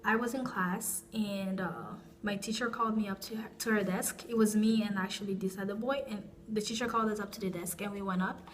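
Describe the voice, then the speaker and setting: A woman's voice: medium pitch, steady tone, fairly quick, few pauses, slight background noise. A young woman vlogger telling a personal story in a casual, rambling way, with frequent restarts and asides.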